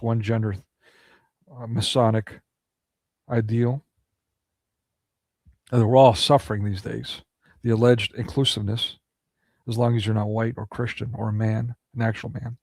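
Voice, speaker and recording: A man's voice: mid-range voice, flat delivery, a little slow, pauses often, a little mellow, no room sound. A man delivering a ranting monologue of political commentary, indignant and full of rhetorical questions.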